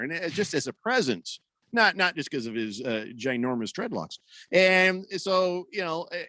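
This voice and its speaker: A man's voice: fairly high pitch, fairly bright tone, no echo. A man hosting sports talk radio, ranting and sarcastic as he riffs on team news and reads listener comments.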